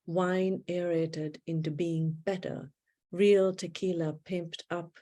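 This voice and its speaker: Woman poet, unhurried live poetry reading, warm low voice, measured pauses, video-call audio. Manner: measured, deliberate phrasing with long pauses. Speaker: poet reading her work. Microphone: video call setup.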